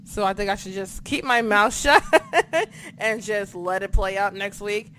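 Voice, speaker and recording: A podcast co-host in a casual recap chat, who talks excitably, swears a lot and acts out their own reactions. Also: mid-range voice, moderate pace, slight background noise.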